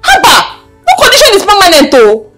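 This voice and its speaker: A woman's voice: very high voice, wildly swooping pitch, a little fast, loud music behind the voice, heavily acted. A young woman with a Nigerian accent playing an indignant daughter who pushes her point with rhetorical questions. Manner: emphatic, fires off rhetorical questions.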